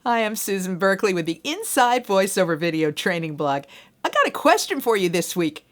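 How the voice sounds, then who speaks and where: A woman's voice: mid-range voice, sing-song, a little fast. A middle-aged woman voiceover coach, talking straight to the viewer in a friendly, conversational training video. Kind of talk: direct-to-camera training video.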